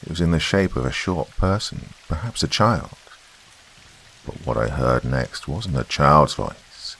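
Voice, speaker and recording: A man tells a horror story in a slow, hushed manner, his voice extremely deep and gravelly. Faint rain and hiss sit underneath the narration. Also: expressive.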